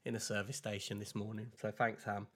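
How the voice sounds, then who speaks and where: A man's voice: fairly low pitch, level tone, a little fast, a bit bright, breathy edge. A man co-hosting a casual podcast, telling stories in a chatty way. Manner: chatty storyteller. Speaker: podcast co-host. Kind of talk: casual chat.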